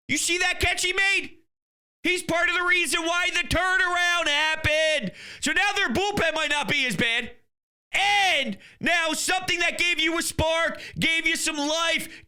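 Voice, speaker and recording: High, sharp-voiced ranting sports fan man. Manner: ranting, exasperated, insults critics; swings between loud outbursts and muttering. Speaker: sports commentator. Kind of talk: sports rant vlog.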